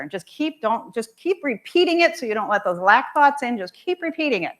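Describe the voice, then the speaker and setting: Expressive woman preaching a sermon. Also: on the high side. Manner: emphatic and expressive, with measured repetition. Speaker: minister. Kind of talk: sermon with storytelling. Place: church sanctuary.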